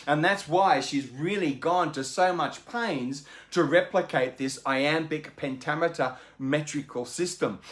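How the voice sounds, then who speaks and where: A man hosting a book channel, talking casually and enthusiastically while unboxing and explaining, with many fillers. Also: a little high.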